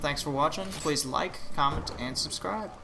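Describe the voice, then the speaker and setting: A man's voice: on the high side, normal speed, creaky. Tired man rambling over gameplay. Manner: rambling, with many restarts and fillers. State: tired, yawning. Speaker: gaming channel host. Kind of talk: laid-back commentary over gameplay. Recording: noisy home recording with clicks.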